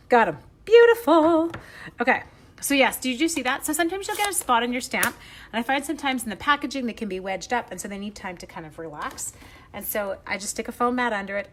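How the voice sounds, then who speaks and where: A woman's voice: mid-range voice, a little hiss or hum. A middle-aged woman chatting through a live stamping demonstration, greeting viewers by name with playful asides. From Canada. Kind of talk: live-stream crafting demo.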